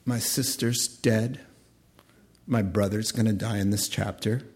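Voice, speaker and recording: A preacher doing a weary, fed-up Moses. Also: male voice, fairly low pitch, steady tone, a little slow, breathy edge, pitched below the performer's own voice. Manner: bitter, fed-up grumbling. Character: weary exasperated old male prophet Moses.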